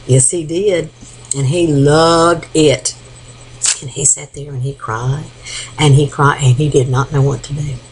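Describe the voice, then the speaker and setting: An older woman telling a folk tale to her grandchildren, animated and often sinking into a hushed whisper. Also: deep voice, a little slow, slightly rough, rough recording. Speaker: grandmother storyteller.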